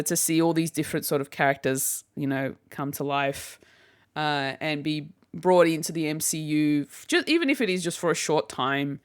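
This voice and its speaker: A woman's voice: low-pitched, clear, resonant tone, dry recording, clean studio sound. A woman hosting a podcast, chatting casually on her own, rambling with frequent restarts and bursts of laughter. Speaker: podcast host. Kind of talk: casual solo chat.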